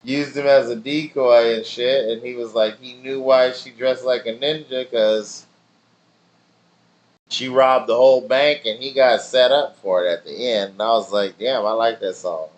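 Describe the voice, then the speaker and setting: A man's voice: medium pitch, fairly even intonation, a little slow. A man streaming, telling rambling stories in loose slang with plenty of swearing. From family in Nigeria. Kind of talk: casual chat with stream viewers.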